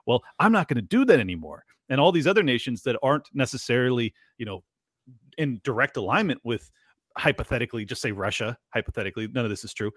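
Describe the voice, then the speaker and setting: A man hosts a casual political podcast at a mid pitch, with a sarcastic, rambling delivery. He swears freely and slips into mocking voices. The recording is dry and close. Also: sing-song, fast talker, fairly bright tone, husky, no echo. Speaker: podcast host.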